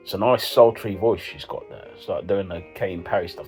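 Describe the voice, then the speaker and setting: A man's voice: sits low, normal speed, few pauses, a little mellow, slightly rough, muffled recording, faint music behind. Slangy man riffing on camera. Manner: rambling slangy delivery, constant "you know what I mean". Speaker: comedy vlogger reacting to dating profiles. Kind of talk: jokey commentary with sung snippets.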